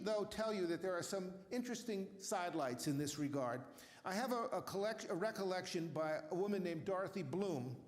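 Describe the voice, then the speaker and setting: Older man, author lecturing with slides, relaxed, lots of ums, high-pitched, echoey hall, long reverb. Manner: relaxed, with frequent fillers and restarts. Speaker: author giving a talk.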